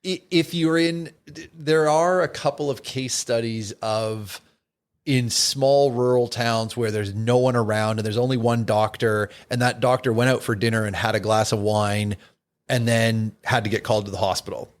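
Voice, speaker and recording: A man, a doctor, chatting casually as a podcast guest, explaining things in a relaxed way with many restarts and fillers. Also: medium pitch, normal speed. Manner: laid-back, explains with frequent restarts and fillers.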